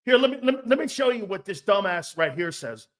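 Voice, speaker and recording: A man hosting a sports talk stream, brash and profane, reading chat comments and firing back with loud outbursts and mocking asides. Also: high-pitched, sing-song, a little fast. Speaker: sports talk show host.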